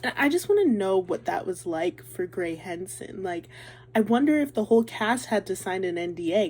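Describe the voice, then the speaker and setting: A woman's voice: fairly low pitch, darkish tone, breathy edge. A young woman gushing about a musical in a casual vlog, chatty and full of "like". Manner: chatty and gushing, says "like" a lot. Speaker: vlogger.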